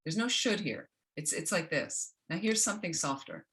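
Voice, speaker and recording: A woman teaching a self-compassion workshop, gentle and instructional, often checking in with the group. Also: fairly low pitch, animated, normal speed, hardly any pauses. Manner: gentle, keeps checking in with "okay?".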